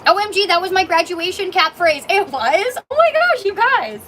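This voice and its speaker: A Canadian coffee shop owner livestreams from inside her small café, reading viewer comments aloud in a bubbly, gushing, emotional way. Her voice is very high-pitched and animated, at a normal speed and a bit bright, with a slight hiss or hum in the audio.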